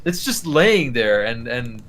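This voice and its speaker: A man's voice: mid-range voice, sing-song, slow, fairly bright tone. A man co-hosting a casual podcast, rambling through his points with lots of "like" and restarts. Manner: rambling, heavy use of "like", hesitant restarts. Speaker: podcast co-host. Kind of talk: casual chat reviewing a cartoon.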